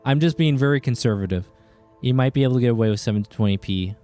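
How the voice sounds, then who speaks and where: A man streaming a game live, chatting casually with viewers and reacting with excited outbursts. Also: mid-range voice, quick pace, clean tone, faint music behind.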